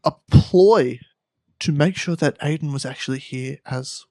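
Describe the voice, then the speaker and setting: A man's voice: a little high, unhurried, warm tone, no echo, studio quality. An Australian man co-hosting a comedy podcast, telling a story in a rambling, playful way and correcting himself as he goes. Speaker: podcast co-host.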